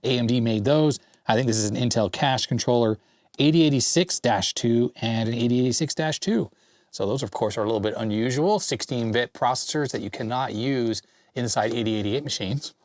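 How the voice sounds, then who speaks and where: A man's voice: medium pitch, brisk, darkish tone, dry recording, clean studio sound. A man in his forties chatting casually as host, rambling happily through a mail-call unboxing of vintage parts. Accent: Canadian. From Canada. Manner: chatty and enthusiastic, rambling tech asides. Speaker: channel host. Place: home basement workshop.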